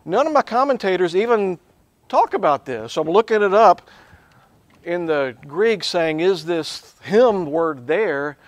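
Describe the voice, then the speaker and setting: A man who is a professor, teaching a Bible lesson in a lively way, swinging from quiet asides to loud, emphatic bursts. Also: sits high, unhurried, dry recording.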